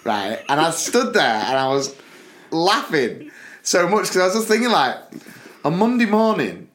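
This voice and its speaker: A man's voice: high voice, very animated, normal speed, a bit bright. A man from England co-hosting a podcast in casual chat, telling stories with plenty of laughter and putting on voices when he quotes people. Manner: chatty storyteller, laughs often, puts on voices for quotes. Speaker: podcast co-host.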